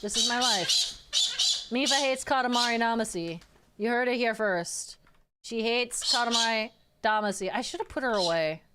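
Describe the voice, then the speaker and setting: A woman's voice: fairly high pitch, moderate pace, very noisy. A woman streaming a game live, playful and laughing often, yelping at the screen and chatting with viewers. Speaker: VTuber streamer. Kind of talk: live gameplay commentary with chat. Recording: background game music.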